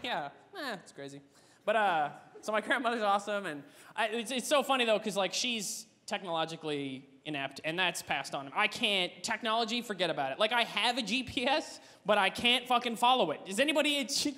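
A man doing a stand-up comedy set, rambling and swearing with animated energy on a comedy club stage. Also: sits high, a little fast. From Canada. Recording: echoey club with audience laughter.

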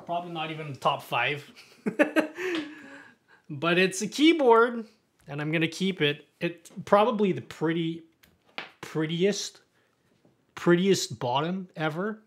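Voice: mid-range voice, lively intonation, slow pace, long pauses. A livestreamer chatting casually on stream while showing off a build, rambling and self-mocking, laughing often. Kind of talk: casual live stream chat.

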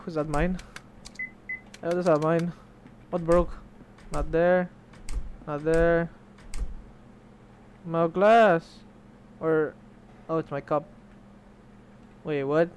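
A man's voice: fairly high pitch, fairly even intonation, drawn-out words, long pauses, a little mellow, a little hiss or hum. A young man streaming a game, chatting casually, swearing and reading the game's text aloud. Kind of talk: casual let's play commentary.

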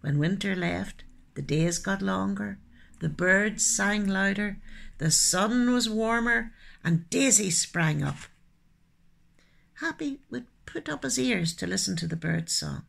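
A woman telling children's stories expressively, dropping into soft hushed asides. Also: mid-range voice, slow, gravelly. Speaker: storyteller and poet. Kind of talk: children's storytelling.

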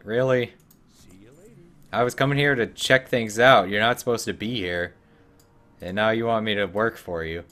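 A man gives casual gameplay commentary while he streams, trading in dry sarcasm and joking asides. His voice sits a little lower than average for a man, and his delivery is loose and conversational. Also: normal speed, pushed and bright. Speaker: gaming streamer.

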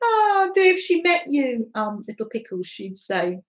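A middle-aged woman hosting a craft live stream, chatting gently with viewers and laughing often. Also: mid-range voice, dull audio. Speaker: craft livestream host. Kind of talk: casual live-stream chat.

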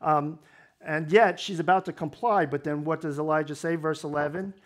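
A man's voice: on the high side, fairly even intonation, normal speed. A male pastor preaching a sermon, explaining scripture in a conversational way with wry humor.

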